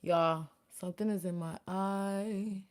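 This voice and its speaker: Speaking slowly in a mid-range voice, a young makeup artist and beauty vlogger does her makeup while chatting with viewers. She is animated and talkative, addressing both her audience and the chat.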